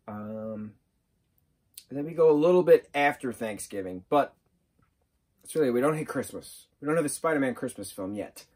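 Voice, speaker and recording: Husky, rambling guy reviewing a movie. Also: medium pitch. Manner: rambling and excitable, full of fillers. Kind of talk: casual spoken review.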